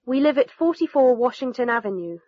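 A woman's voice: a little high, expressive, a little fast, no echo, pitched above the performer's own voice. A woman reading a worried, polite mother calling the doctor in a textbook dialogue. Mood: concerned. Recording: dull lo-fi recording.

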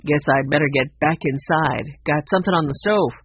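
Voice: mid-range voice, brisk, a little hiss or hum, natural voice. A storybook narrator voicing a secretive, evasive grown man who gets flustered, in a slightly muffled recording.

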